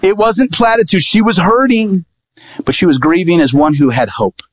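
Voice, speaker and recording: A man preaching as an evangelist, with a voice a little higher than most men's. He tells a personal story and acts out the lines of the people in it. The sound is dry and close, with almost no room echo. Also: moderate pace, slightly rough. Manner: vivid storytelling, acting out quoted dialogue. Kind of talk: sermon storytelling.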